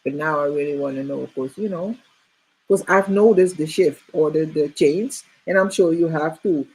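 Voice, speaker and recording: A woman's voice: low voice, normal speed, darkish tone, slightly rough, low-quality recording. A middle-aged woman hosting a casual group chat, rambling with many fillers and restarts.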